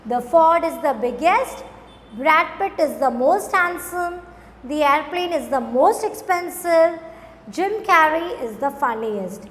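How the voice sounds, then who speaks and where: A woman teacher talks high and unhurried, stretching each word for her young pupils. Her voice rings with a long echo in the room. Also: animated. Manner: slow, drawn-out, addresses children often. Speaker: school teacher. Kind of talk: recorded grammar lesson for children.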